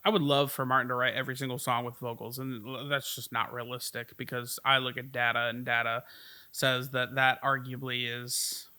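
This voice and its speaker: A man co-hosting a casual chat, agreeable and quick to chime in, often talking in broken fragments. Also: medium pitch, flat delivery, bright, forceful tone, clean tone. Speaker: podcast co-host, label manager.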